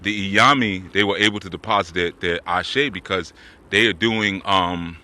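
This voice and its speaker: A man's voice: low-pitched, steady tone, moderate pace, sharp tone. A man telling stories in a laid-back, rambling way with slang while walking outdoors in the woods. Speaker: spiritual teacher. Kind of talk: casual talk while walking.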